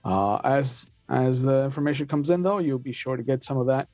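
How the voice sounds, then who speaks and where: A man voicing a scoffing male radio announcer who reads the news in a brisk broadcaster manner. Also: medium pitch, darkish tone, no echo, soft background music, natural voice.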